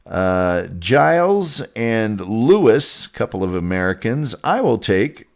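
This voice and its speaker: Slow, low-voiced male sports host. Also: big pitch swings, vocal fry. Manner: rambling, wry, slowly reads out picks. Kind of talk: casual sports talk with viewer comments.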